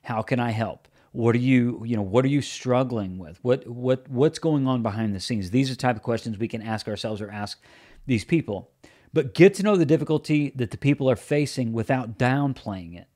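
A man's voice: mid-range voice, moderate pace, warm tone. A man hosting a podcast, giving earnest, plain-spoken practical advice on encouragement. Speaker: podcast host. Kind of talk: solo podcast teaching.

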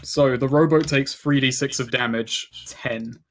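A man's voice: mid-range voice, steady tone, measured pace, a bit bright. A man acting as game master in a tabletop game, explaining rules patiently with many fillers. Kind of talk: running a tabletop game online.

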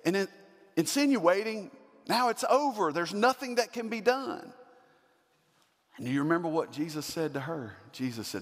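Man preaching a sermon, kinda high voice, punchy questions, big church echo. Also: sing-song, moderate pace. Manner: preaching with rising emphatic questions. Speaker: pastor. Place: church sanctuary.

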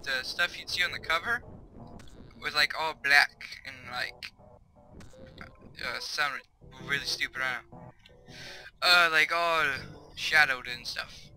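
A young man rambles through a video game in casual let's-play commentary, reading the on-screen tips aloud as he goes. His voice is bright and tense and sits fairly high. Game music plays faintly behind him. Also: rough recording. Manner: chatty, excitable, reads on-screen tips aloud. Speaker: gaming YouTuber. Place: home bedroom.

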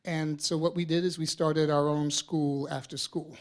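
Middle-aged guy artist telling stories to a crowd, kinda high voice, gets loud then drops quiet. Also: moderate pace. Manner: animated, acts out quoted voices, swings loud and soft. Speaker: artist speaking to an audience. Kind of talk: storytelling talk.

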